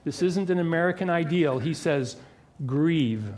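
Earnest man preaching, slightly high voice. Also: normal speed. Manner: lowered, quiet prayer voice. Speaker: pastor. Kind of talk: sermon.

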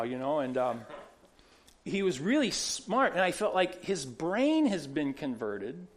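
Storytelling man preaching a sermon. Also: on the high side. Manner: conversational storytelling with many restarts. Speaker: pastor.

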